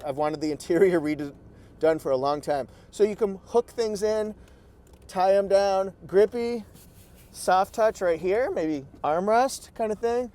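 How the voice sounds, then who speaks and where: Excitable guy w a pretty high voice, chatty truck walkaround, repeats stuff for fun. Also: unhurried. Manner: excitable, playful, exclaims and repeats phrases. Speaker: car reviewer. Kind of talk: casual product walkaround. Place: inside a pickup truck cabin.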